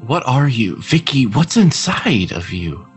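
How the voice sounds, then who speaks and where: A man's voice: mid-range voice, big pitch swings, measured pace, soft background music, low-quality recording. A man playing a devout priest character in a tabletop game, speaking in solemn, prayerful tones. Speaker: player voicing a priest character.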